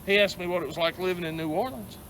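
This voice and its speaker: Middle-aged southern guy ranting to camera, kinda high voice, bit of noise behind. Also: fast talker, fairly bright tone. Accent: Southern American. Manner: rambling, frustrated, repeats words. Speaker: vlogger. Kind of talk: angry venting rant to camera.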